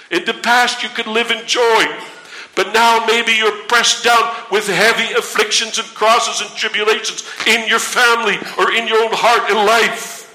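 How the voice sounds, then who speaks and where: A man preaching a sermon in an earnest, pleading way, asking the listener direct questions and slowing to a solemn pace for scripture. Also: high-pitched, sharp tone, echoey room, rough recording.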